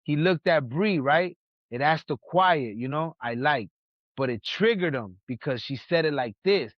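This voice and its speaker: A man from New York hosting a podcast, telling stories in a casual, animated way and acting out what other people said. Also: on the high side, measured pace, dry recording. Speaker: podcast host. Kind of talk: casual storytelling chat. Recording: dull lo-fi sound.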